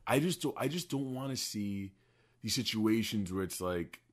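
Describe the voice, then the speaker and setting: A man co-hosting a podcast in casual chat, excitable and profane, often stumbling over his words. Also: lowish voice, moderate pace. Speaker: podcast co-host.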